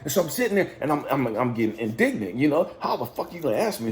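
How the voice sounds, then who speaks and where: Animated, indignant man telling a story. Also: fairly high pitch, fast, few pauses, a little hiss or hum. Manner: animated, indignant, profane, laughing. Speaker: spiritual coach and channel host. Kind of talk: casual storytelling monologue.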